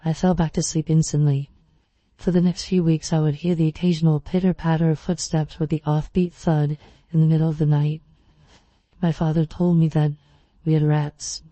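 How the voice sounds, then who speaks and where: Horror storyteller with an even, measured read, very dark tone and a monotone delivery. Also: mid-range voice, no echo. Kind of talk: scripted first-person story narration.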